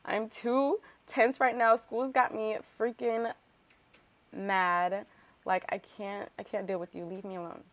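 A woman's voice: mid-range voice, flat delivery, takes it slowly, no room sound. Woman doing a snappish, upset teen girl, barely acted. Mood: irritated. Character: upset teenage girl snapping at her dad.

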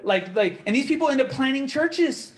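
A young man giving a testimony in a church, telling his story with lively quoted dialogue. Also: very high-pitched, normal speed. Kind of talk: testimony sermon.

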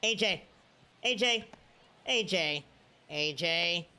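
A young man giving live commentary over his own gameplay, swinging from quiet mutters to sudden shouts. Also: high voice, animated, takes it slowly, over music. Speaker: gaming video creator.

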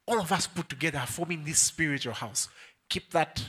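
A man's voice: on the high side, fairly quick, bright, forceful tone, slightly rough. A young male pastor preaching a sermon, playful, laughing often and calling out to the congregation. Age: young adult.

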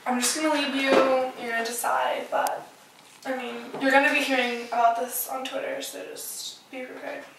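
A woman's voice: high voice, level tone, moderate pace, fairly bright tone, a little hiss or hum. A teenage girl in a comic school skit, coaching a friend in a bossy tone with casual valley-girl fillers. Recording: echoey room from a distant mic, music behind.

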